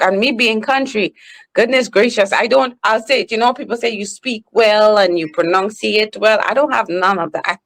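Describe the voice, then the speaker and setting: A woman's voice: on the high side, fairly bright tone. A woman with a Trinidadian accent, a professional speaker talking candidly and emphatically as a podcast guest. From Trinidad and Tobago. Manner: candid and emphatic, slows down on purpose. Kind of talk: casual conversation.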